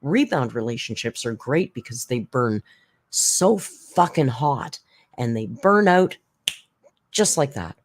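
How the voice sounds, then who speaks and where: A channel host giving casual spoken commentary, blunt and rambling, with frequent restarts, side remarks and sarcastic jumps in pitch for emphasis. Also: sing-song, slow pace.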